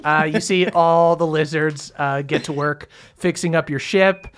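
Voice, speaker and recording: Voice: mid-range voice, fairly even intonation, a little slow, clean tone. A game master narrating a tabletop game in a casual, hesitant way with many fillers.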